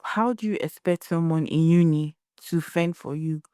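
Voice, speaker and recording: A woman's voice: low-pitched, moderate pace, dark tone, smooth, no echo, studio quality. A young Nigerian woman hosting a solo podcast, giving blunt opinions and telling stories in a conversational way. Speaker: podcast host.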